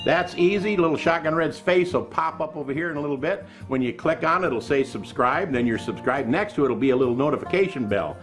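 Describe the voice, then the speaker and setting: A man's voice: a little high, lively intonation, fast talker, few pauses, soft background music. A man closing a cooking show, easygoing and folksy, asking viewers to subscribe. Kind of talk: channel outro.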